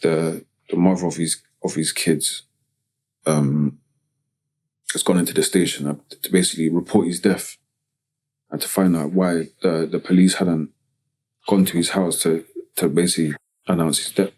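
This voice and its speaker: A man from Tottenham with a North London accent, telling a personal story as a podcast guest in slangy, halting speech full of "you get me" tags. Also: low-pitched, fairly even intonation, darkish tone. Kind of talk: casual storytelling interview.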